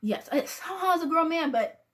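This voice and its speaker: A woman with a very high, animated voice chats casually at normal speed through a film review. She performs the characters' lines and now and then slips into soft, almost whispered asides.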